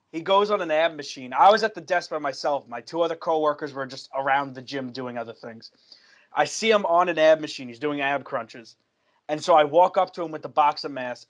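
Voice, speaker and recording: A man's voice: fairly high pitch, lo-fi sound. A young man co-hosting a casual podcast, telling a story and acting out the dialogue of the people in it. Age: young adult. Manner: animated storyteller who acts out quoted dialogue.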